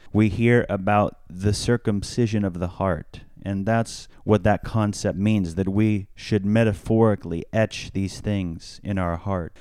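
A man, a priest, explaining scripture on a podcast in a measured, teacherly way, stressing key words. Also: sits low, darkish tone, clear, resonant tone, no room sound, clean studio sound.

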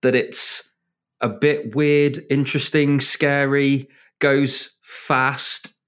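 A man's voice: mid-range voice, flat delivery, very slow, fairly bright tone, clear, resonant tone. A man hosting a podcast who introduces stories in an easygoing, hesitant way. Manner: easygoing, hesitant, restarts his phrases. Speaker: podcast host. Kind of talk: casual chat.

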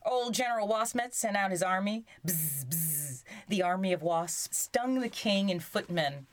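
A woman's voice: medium pitch, moderate pace. A woman reading a children's story aloud, breaking off for playful, joking asides. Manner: animated, joking asides between lines.

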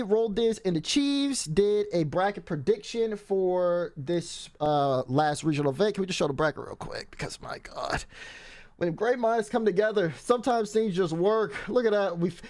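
Relaxed panel host with a high voice, moves things along. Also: male voice, dry recording, clean studio sound. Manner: steers topics, relaxed. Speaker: show host. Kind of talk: casual panel chat.

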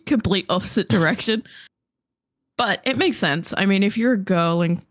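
A woman's voice: medium pitch, a little slow, dry recording. Woman telling a story, laughing. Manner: animated storytelling with laughter and swearing. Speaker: podcast co-host. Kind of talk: casual chat.

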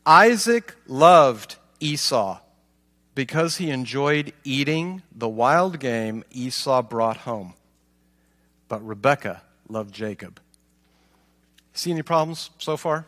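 A man's voice: fairly high pitch, a bit bright, big-room sound. A man reading scripture aloud and stopping to comment with rhetorical questions. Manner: reads aloud, then asks rhetorical questions. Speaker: Bible teacher.

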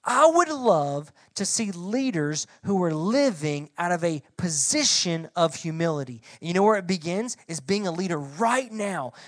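A young adult woman preaching a sermon to middle schoolers in an animated, conversational way, asking the audience questions. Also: mid-range voice, moderate pace, hardly any pauses, no echo, clean studio sound. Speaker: youth pastor.

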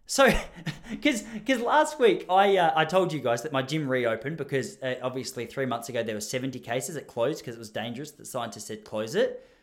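A man's voice: medium pitch, expressive, brisk. A young man with an Australian accent telling a comic story in a rambling, self-mocking way, as a podcast host.

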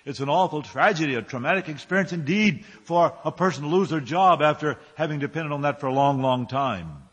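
A man's voice: on the high side, brisk, a bit bright, husky, long reverb tail. A male pastor preaching a sermon, firing rhetorical questions and building his phrases up with emphasis.

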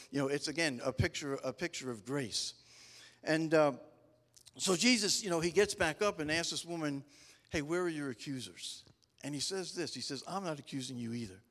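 Preaching informally in a big, echoing hall, this middle-aged man has a fairly high pitch and a fairly bright tone. His humorous, homespun tales wander along in fits and starts, with frequent restarts.

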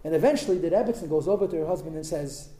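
A man's voice: on the high side, rapid-fire, warm tone. A man telling a story in an informal religious talk, conversational and emphatic, with asides to his listeners. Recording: roomy echo with faint background.

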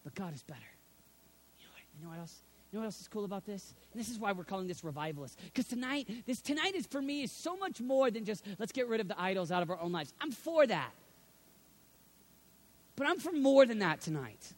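A middle-aged man preaching a sermon, swinging from hushed, low passages to loud, shouted appeals. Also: big pitch swings, fairly quick.

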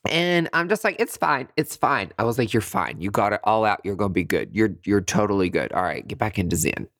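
Podcast host, lively pitch, dry close sound, casual comedic storytelling. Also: a little fast, dry recording. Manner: animated, laughs often, chatty.

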